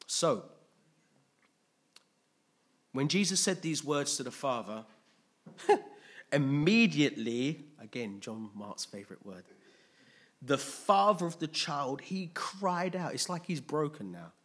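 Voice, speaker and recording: A man's voice: on the high side, very animated, measured pace, fairly bright tone, husky. A man preaching a conversational sermon, often checking in with his listeners.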